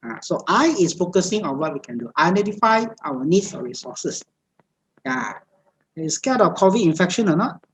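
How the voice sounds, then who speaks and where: Over a video call, a woman meditation teacher with a low voice and big pitch swings delivers a Buddhist dharma talk at a moderate pace. Her phrasing is repetitive and list-like, broken often by hesitant fillers, and the low-quality recording carries faint background noise.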